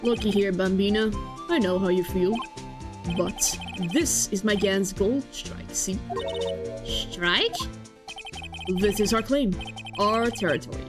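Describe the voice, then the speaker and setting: Girl doing a low drawling cowboy cop guy, folksy slang, game music behind. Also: very slow, hardly any pauses. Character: swaggering cowboy-talking male detective.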